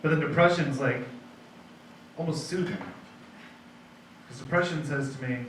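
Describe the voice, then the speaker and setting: A man's voice: mid-range voice, a little fast, recorded from a distance. A young man doing a rambling, self-deprecating stand-up set at a bar comedy night, with restarts and asides to the crowd. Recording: very echoey room, mic heard from afar, faint noise.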